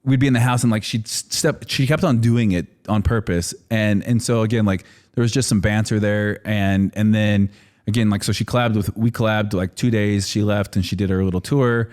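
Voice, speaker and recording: A man's voice: on the low side, steady tone, brisk, a little mellow. Laid-back man in his thirties. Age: 30s. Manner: rambling, laughs often, fillers like "like". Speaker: podcast guest. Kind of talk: casual chat.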